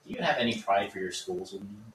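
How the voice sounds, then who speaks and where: A man's voice: fairly low pitch, lively intonation, fast, a bit bright, a little hiss or hum. Dry-joking young man, distant and echoey. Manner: dry, teasing quips. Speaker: podcast co-host. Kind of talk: casual chat.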